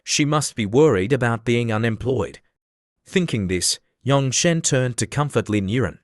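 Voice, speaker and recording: A man narrating an animated story recap in a steady, even scripted reading. His voice sits at a middling pitch, dry and close to the mic with no room sound. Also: unhurried, no room sound.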